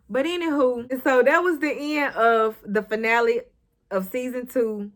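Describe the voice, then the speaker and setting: Sassy young woman with a high voice, ranting casual recap, swears a lot. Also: a little slow. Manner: sassy, blunt, swears, talks to the characters. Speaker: recap vlogger.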